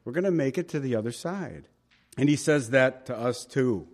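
A man's voice: medium pitch, lively intonation, moderate pace, a little mellow. A male pastor giving a verse-by-verse Bible teaching sermon, conversational and emphatic, with chatty asides to the congregation.

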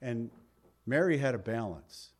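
A man's voice: medium pitch, animated, a little slow, breathy edge. A man preaching a sermon in a folksy, conversational way, turning to the listeners with questions and chuckling now and then. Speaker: pastor.

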